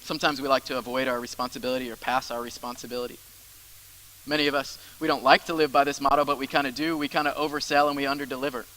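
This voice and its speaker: Bright-voiced male pastor preaching. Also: medium pitch, flat delivery, fast, rough recording. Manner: conversational preaching with many asides and repetitions. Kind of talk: sermon.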